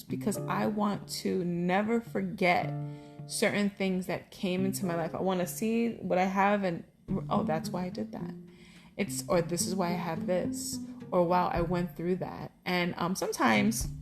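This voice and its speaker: A woman's voice: on the low side, vocal fry. A middle-aged woman vlogging about her life in a candid, heartfelt, rambling way. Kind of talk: casual personal talk to camera.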